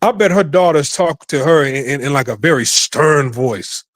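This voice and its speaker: A man's voice: on the high side, lively intonation, moderate pace, no room sound. A man hosting a podcast, giving rambling, profane casual commentary and repeating himself often. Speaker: podcast host.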